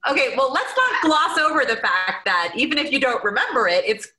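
A woman's voice: sits high, big pitch swings, a little fast, noisy background. A woman interviewing a guest, enthusiastic and upbeat in her questions. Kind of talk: casual interview.

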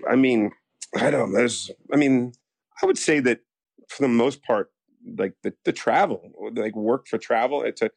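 A man's voice: medium pitch, normal speed, gravelly, husky, no room sound. A man from the United States, an actor telling stories in a casual interview, rambling with lots of restarts. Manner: rambling, animated, full of restarts and acted-out quotes.

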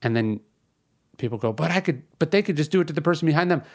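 A man's voice: on the high side, animated, quick pace. Conversational man hosting a podcast. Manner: conversational, ranting, emphatic with repetition. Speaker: podcast host. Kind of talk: casual spoken commentary.

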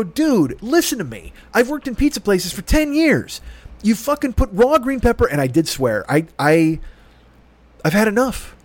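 A Chicago podcast host with a high voice rants through a story, profane and exasperated, acting out both sides of the argument. The sound is dry and close, with no echo.

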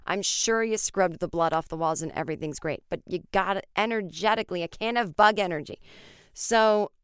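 Animated woman telling a comic story. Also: fairly low pitch, a little fast, clean tone, dry recording, studio quality. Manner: animated, acts out voices in quotes, swears freely. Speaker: podcast host.

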